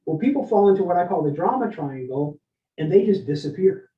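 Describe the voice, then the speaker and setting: A man giving a leadership workshop, energetic and interactive, often asking his listeners questions and tagging lines with "right?". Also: high-pitched, fairly quick. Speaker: leadership speaker. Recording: roomy, dull lo-fi sound.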